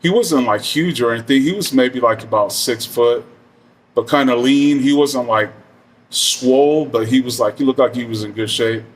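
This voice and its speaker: A man's voice: medium pitch, normal speed, recorded from a distance. A middle-aged man telling a story casually, rambling and profane with many fillers.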